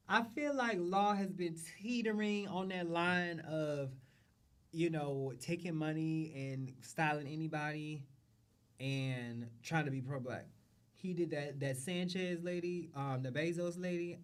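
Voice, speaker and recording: A man hosting a show, talking casually and profanely about runway looks, repeating phrases and trailing off. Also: a little high. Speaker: show host. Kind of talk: casual fashion commentary.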